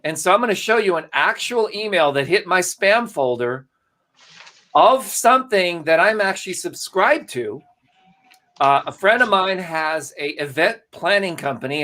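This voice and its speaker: A man co-hosting a live marketing broadcast, talking casually and greeting viewers by name. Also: a little high. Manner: animated, salesy, addresses viewers by name. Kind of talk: casual live-stream presentation.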